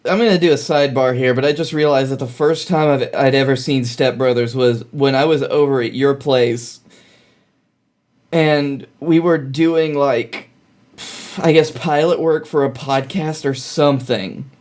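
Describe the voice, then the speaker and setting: A man co-hosting a podcast, speaking in casual conversation and recapping plot points at length. His pitch sits in an ordinary middle range, and his delivery is relaxed and chatty. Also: a little slow. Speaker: podcast co-host. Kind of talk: casual chat.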